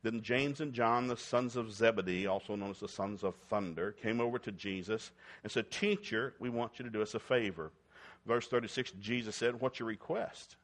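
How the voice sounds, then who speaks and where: A middle-aged man preaching a sermon, folksy and joking, swinging between loud whoops and quiet talk. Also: fairly low pitch, normal speed. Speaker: pastor.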